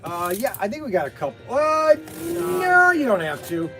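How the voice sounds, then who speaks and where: A man hosting a live unboxing stream, excitable and constantly exclaiming in surprise. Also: very high-pitched, moderate pace, over music. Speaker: livestream host unboxing toy car samples. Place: indoor workplace.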